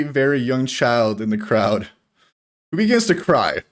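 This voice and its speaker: A man's voice: mid-range voice, very animated, moderate pace. A man running a tabletop game as game master, narrating casually with laughs and swearing.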